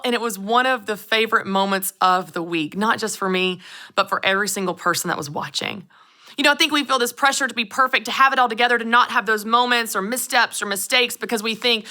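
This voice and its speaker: A woman, hosting her own show and telling stories in a lively way. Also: fairly high pitch, fairly quick. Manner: animated storytelling, acts out voices. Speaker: show host. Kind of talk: upbeat solo podcast talk.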